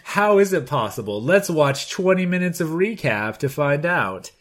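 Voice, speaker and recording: A male podcast co-host talks in a relaxed, casual way. He keeps slipping in dry, joking asides as he chats with his co-host. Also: on the high side, normal speed. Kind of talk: casual chat.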